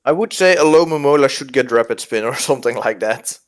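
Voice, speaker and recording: A man's voice: mid-range voice, a little fast. A man co-hosting casual game commentary in a laid-back, teasing way. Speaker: co-host.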